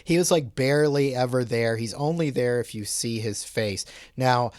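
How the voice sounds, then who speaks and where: A man in his forties chatting casually about a movie, telling scenes with animated enthusiasm. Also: mid-range voice, normal speed, no echo, clean studio sound. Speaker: co-host of film review show. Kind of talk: casual film discussion.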